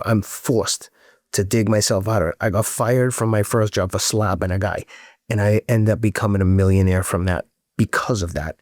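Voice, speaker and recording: A man's voice: lowish voice, darkish tone, dry recording, studio quality. A middle-aged man talking as a podcast guest, frank and earnest, swearing freely as he tells his story. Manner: earnest storytelling with rising emotion. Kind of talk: candid casual interview talk.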